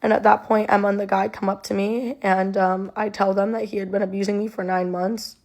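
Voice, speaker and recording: A woman's voice: mid-range voice, flat delivery, a little fast, a little mellow. A young woman telling a personal story in a conversational way, with many ums and likes, her voice sounding emotional and near tears.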